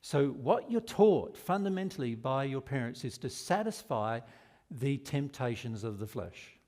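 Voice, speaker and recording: A man's voice: medium pitch, lively intonation, measured pace, darkish tone. A man with an Australian accent giving a spiritual seminar, earnest and asking the audience rhetorical questions. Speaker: spiritual teacher.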